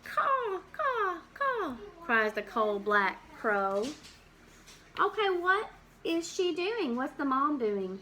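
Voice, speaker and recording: A teacher reads a farm picture book to children in a read-aloud storytime with explanations, acting out the animal sounds and pausing to ask them questions. Her fairly high voice is very animated, slow, and sharp-toned, with a little hiss or hum in the recording.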